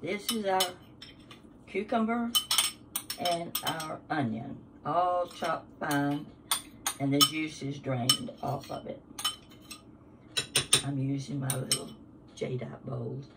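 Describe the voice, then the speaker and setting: A woman's voice: sits low, takes it slowly, vocal fry, pauses often, distant mic, heavy background noise. An older woman hosting a casual home cooking demonstration, chatty and homespun as she works through a recipe. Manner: chatty, homespun, talks while working. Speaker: cooking show host. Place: home kitchen. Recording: kitchen sounds, voice somewhat off-mic. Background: clinking dishes and utensils.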